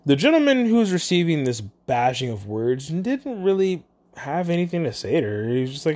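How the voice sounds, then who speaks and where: Animated vlogger, parent, casual storyteller; mutters then exclaims, middle-pitched and very lively. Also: moderate pace. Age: adult, parent.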